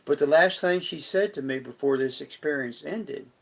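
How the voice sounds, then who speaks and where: A man's voice: on the high side, normal speed, vocal fry, a bit bright. A middle-aged man on a live stream, telling a personal story in a folksy, rambling way with frequent restarts.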